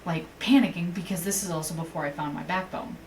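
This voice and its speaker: On a distant mic with faint hiss, a woman with a fairly low voice talks fast as she co-hosts a podcast. She tells a story casually, animatedly voicing the characters and swearing.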